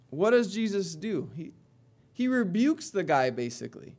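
A man preaching a sermon in a conversational way, moving between quiet asides and emphatic readings. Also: high-pitched, sing-song, measured pace.

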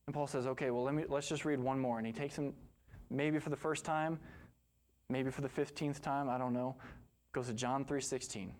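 A male pastor delivering a sermon in an earnest, storytelling manner, his voice sitting at an ordinary middle pitch. He builds toward impassioned emphasis as the message peaks. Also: steady tone, normal speed, a little mellow.

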